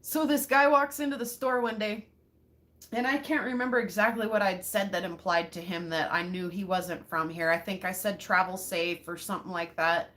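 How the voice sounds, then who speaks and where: A woman's voice: mid-range voice, steady tone, moderate pace, fairly bright tone. A woman from Montana hosting a casual chat with her viewers, laughing a lot and saying "like" and "seriously" often. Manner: chatty, says "like" and "seriously" a lot. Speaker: rockhound channel host.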